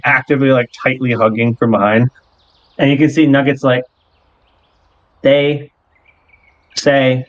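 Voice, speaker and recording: A man runs a tabletop game, narrating in a loose, unhurried way full of "like" and small restarts. His voice sits in a middle pitch. The recording is dry and somewhat dull. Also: dry recording. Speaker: game master.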